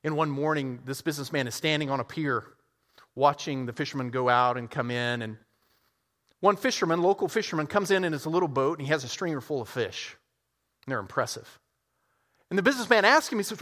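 Animated preacher in a reverberant hall. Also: male voice, fast talker. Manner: animated, acts out characters with big pitch swings. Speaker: pastor. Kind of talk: sermon with storytelling.

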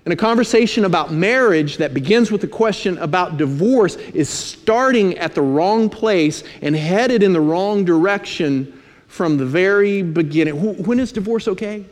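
A man preaching a sermon, emphatic, slowing to stress key phrases and dropping in dry asides. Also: high-pitched, expressive. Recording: long hall reverb.

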